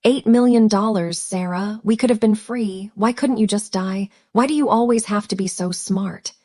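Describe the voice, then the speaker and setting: A woman's voice: mid-range voice, normal speed, mellow, close to an everyday voice. A woman voicing a desperate, scheming husband who talks in a frantic, pleading way. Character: desperate scheming husband, man in his thirties.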